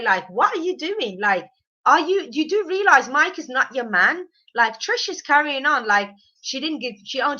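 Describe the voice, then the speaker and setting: A woman's voice: a little high, bright, forceful tone, highs cut off. A woman with a slight cold, chatting in an opinionated way as she reviews a reality show. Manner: chatty, opinionated, quick to mock. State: has a cold. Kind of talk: casual review chat.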